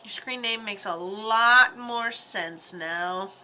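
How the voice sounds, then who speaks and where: A woman's voice: mid-range voice, slow pace, pushed and bright, slight background noise. A woman giving casual livestream psychic readings, chatty and blunt, joking as she goes. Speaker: psychic medium.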